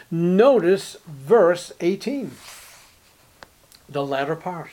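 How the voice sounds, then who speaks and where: A man's voice: animated, takes it slowly. A man preaching an expository Bible sermon, reading scripture aloud and asking rhetorical questions with strong emphasis. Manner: emphatic, rising to forceful highs on key words; reads scripture in King James style, asks rhetorical questions.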